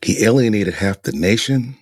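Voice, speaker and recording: A man's voice: lowish voice, expressive, moderate pace, darkish tone, slightly rough, dry recording, studio quality. A man hosting a podcast, giving emphatic opinion commentary full of rhetorical questions. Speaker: podcast host.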